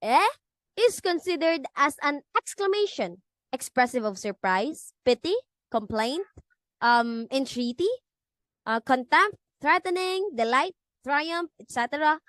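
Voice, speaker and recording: A woman reads a lecture presentation from a script, catching on words now and then and restarting her sentences. Her voice sits high and moves through lively rises and falls. The sound is dry and close. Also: unhurried, dry recording. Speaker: student presenter.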